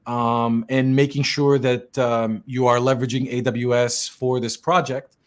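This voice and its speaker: A middle-aged man from Lebanon hosts a casual podcast. He talks in a relaxed, chatty way, circling back and filling pauses as he explains things. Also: medium pitch. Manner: chatty and easygoing, many fillers and restarts. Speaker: podcast host and tech consultant.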